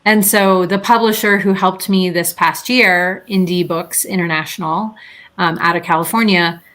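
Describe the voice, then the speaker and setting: A woman therapist and author, a guest in an interview, telling her story with lively acted-out quotes and frequent laughter. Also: normal speed. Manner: lively storyteller, acts out quotes with big pitch jumps. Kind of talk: animated interview conversation.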